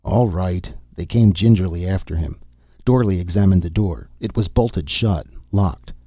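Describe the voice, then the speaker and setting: A man reading a science-fiction story aloud in a steady, even narration. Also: sits low, moderate pace, no room sound, muffled recording. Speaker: audiobook narrator. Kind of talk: scripted narration.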